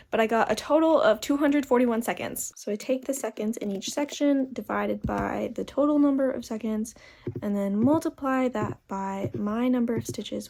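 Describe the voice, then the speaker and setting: A woman's voice: on the high side, a little mellow. A woman vlogging as she crochets, chatting casually and explaining step by step how she works out her stitch counts.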